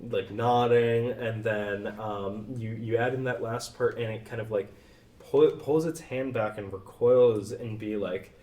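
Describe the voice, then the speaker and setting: A man's voice: on the low side, steady tone, unhurried, warm tone. A man narrating a tabletop game as game master, rambling with many fillers. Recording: roomy, distant mic.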